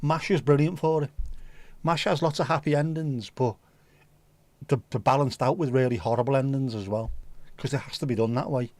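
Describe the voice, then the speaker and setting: A man hosts a relaxed livestream, rambling chattily and swearing now and then as he answers viewers' comments. His pitch is middling and the recording is dry and close. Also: normal speed, dry recording. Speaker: livestream host. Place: home livestream setup.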